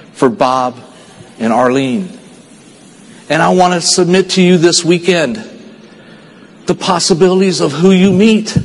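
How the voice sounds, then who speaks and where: A man from Texas giving an earnest, storytelling speech to a conference audience, dropping low and quiet at the sad parts. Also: in a large hall, poor audio. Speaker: motivational speaker.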